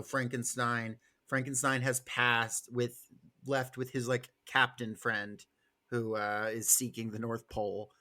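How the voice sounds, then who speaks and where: Man, podcast co-host, laid-back, joking, casual, mid-pitched voice. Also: pushed and bright. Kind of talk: casual book discussion.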